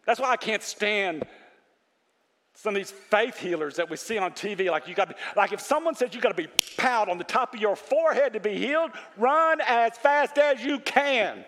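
High-voiced preacher in a reverberant hall. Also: male voice, brisk. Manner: animated preaching, quotes scripture, asks the congregation questions. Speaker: pastor. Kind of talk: sermon.

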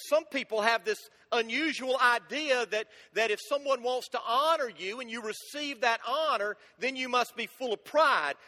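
A preacher speaking in a high, bright voice. He tells folksy stories and drives home each point by repeating it. His voice rings with a long hall reverb. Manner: folksy storyteller, emphatic repeats. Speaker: pastor. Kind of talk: sermon.

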